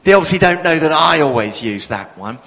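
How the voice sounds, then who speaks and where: Passionate preacher in an echoing hall. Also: male voice, very animated, brisk, fairly bright tone. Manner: passionate, emphatic, with sudden swells in pitch and volume. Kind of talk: sermon. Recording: long reverb of a large hall.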